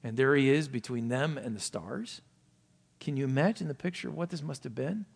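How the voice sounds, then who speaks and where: A male pastor preaching a sermon, asking rhetorical questions and swinging from loud emphasis down to hushed, low asides. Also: fairly quick, creaky, slightly rough. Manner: asks many rhetorical questions.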